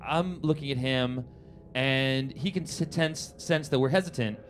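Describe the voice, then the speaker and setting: A man's voice: mid-range voice, a little slow, background noise. A man telling a comedic true story to a live audience, acting out the quoted voices. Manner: animated, acts out quotes in big voices.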